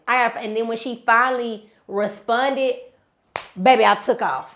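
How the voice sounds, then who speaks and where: Bright-voiced animated woman host. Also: on the high side, moderate pace. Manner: animated, slangy, emphatic storytelling. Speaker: podcast host. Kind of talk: casual storytelling chat.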